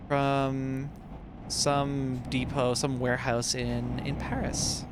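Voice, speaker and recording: A man's voice: medium pitch, fairly even intonation, slow. A man in his twenties, a streamer chatting playfully and reading his chat aloud while he plays a game. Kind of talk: casual live-stream chat while gaming. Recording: truck engine noise from the game.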